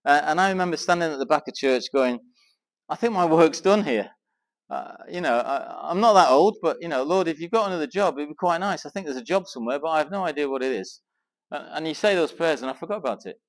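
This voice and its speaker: A middle-aged man from England telling an animated personal story to a Christian men's gathering, acting out the dialogue as he goes. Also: a little high, fairly quick. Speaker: speaker at a men's Christian weekend. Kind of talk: storytelling talk to a live audience.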